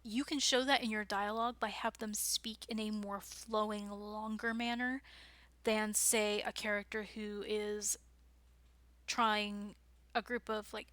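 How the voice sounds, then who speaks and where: A woman's voice: medium pitch, flat delivery, a little slow, fairly bright tone, no echo. A woman giving an informal writing workshop, chatty and enthusiastic, with frequent digressions. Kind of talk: informal lecture.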